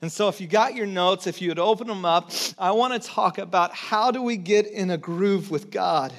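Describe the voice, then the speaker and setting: A man's voice: high voice, moderate pace, a bit bright. A man preaching a sermon as pastor to his church, telling a candid, self-deprecating story full of fillers and restarts.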